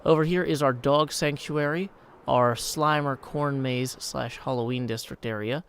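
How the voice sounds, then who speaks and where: A man with a hoarse morning voice, rambling and chatty as he streams a game and answers chat mid-thought. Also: medium pitch, steady tone, unhurried, fairly bright tone. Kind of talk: live-streamed game commentary.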